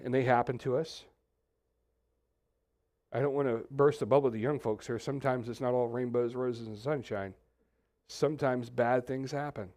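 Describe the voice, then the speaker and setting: A man's voice: medium pitch, a little mellow. A man from Texas, preaching a sermon as pastor and wandering into joking asides.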